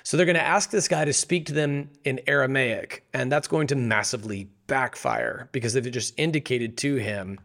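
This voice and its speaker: Man, devotional Bible teacher, animated, rhetorical questions, mid-range pitch. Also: normal speed, vocal fry.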